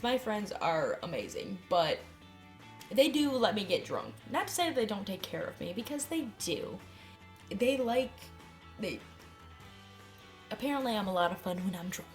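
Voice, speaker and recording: A young woman vlogging casually about herself, candid and self-deprecating, swearing freely and rambling with quick asides. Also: mid-range voice. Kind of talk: casual talking-head vlog.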